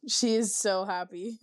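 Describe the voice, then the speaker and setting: A woman co-hosting a podcast, talking in a relaxed, casual way with plenty of fillers. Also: on the high side. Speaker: podcast co-host. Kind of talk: casual chat.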